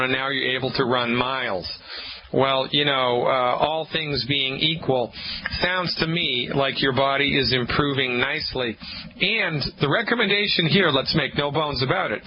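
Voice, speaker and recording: A man hosts a health call-in radio show, joking with callers and handing out advice in a homespun way. His voice sits mid-range and comes through a dull, lo-fi broadcast with faint noise behind it. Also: mid-range voice. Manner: folksy, jokey, advice-giving. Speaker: radio show host, doctor.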